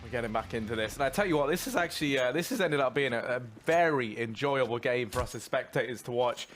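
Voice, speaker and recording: A man doing colour commentary on a video game match, chatty and informal, bursting into excitement on big plays. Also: medium pitch, quick pace, faint music behind. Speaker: esports caster.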